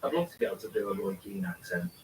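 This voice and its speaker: Rambling host, distant noisy mic. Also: male voice, lowish voice, racing. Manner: rambling, reads viewer questions aloud and answers them. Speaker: live-stream host. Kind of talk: casual match watchalong chat. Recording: distant mic with steady background noise.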